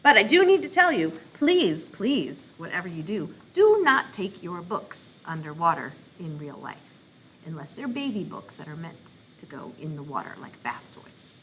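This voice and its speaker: A woman who works as a children's librarian hosts a playful read-aloud program for kids. She talks in an animated, silly and encouraging way. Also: on the low side, normal speed, a little hiss or hum. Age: adult parent.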